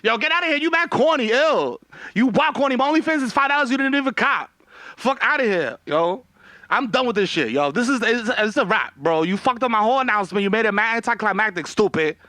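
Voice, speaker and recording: A man's voice: fairly high pitch, brisk, bright, forceful tone, dry recording. A man playing a brash, gossipy young woman, bragging on a livestream from home. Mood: scornful. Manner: boastful, messy, slangy.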